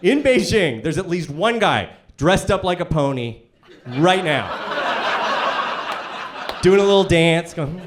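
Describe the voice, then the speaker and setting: High-voiced high-energy stand-up comic. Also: male voice, big pitch swings, slow pace, long pauses, background noise. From Canada. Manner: high-energy, incredulous, shouty bursts. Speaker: stand-up comedian. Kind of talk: stand-up comedy. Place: live comedy venue. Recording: live stage with loud audience laughter. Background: audience laughter.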